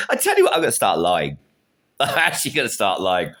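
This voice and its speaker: A middle-aged man rants his way through a casual political vlog. His pitch swings widely as his tone turns mocking, and he often laughs at his own jokes. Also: wildly swooping pitch, normal speed, fairly bright tone. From United Kingdom. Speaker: political vlogger. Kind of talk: casual ranting monologue.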